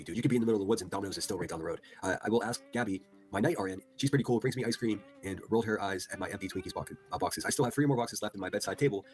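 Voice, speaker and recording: A man hosting a livestream, reading posts aloud with incredulous, profane commentary. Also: fairly low pitch. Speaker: livestream host.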